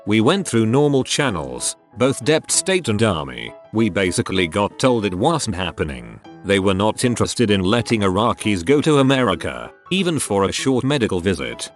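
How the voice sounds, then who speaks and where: A man narrating online stories with a steady, even read-aloud delivery. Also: fairly low pitch. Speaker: story narrator.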